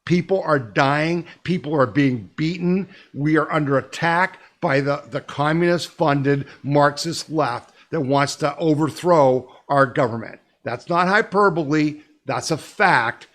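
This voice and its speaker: A man's voice: fairly high pitch, a little slow, few pauses, a bit bright. A man hosting a weekly news podcast, talking emphatically and urgently and pressing listeners to act. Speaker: podcast host.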